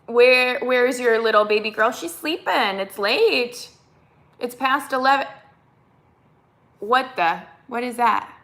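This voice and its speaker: A woman's voice: on the high side, slow, pauses often, fairly bright tone. A woman with a Minnesotan accent, hosting a casual live stream and answering viewer comments in a chatty way. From United States. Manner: chatty, reads comments aloud and answers them.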